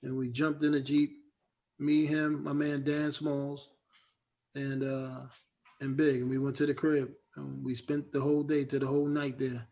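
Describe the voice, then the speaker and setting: A middle-aged man, a guest rapper, telling animated, slangy stories in a casual interview and acting out other people's voices. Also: medium pitch, normal speed. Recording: dull lo-fi sound.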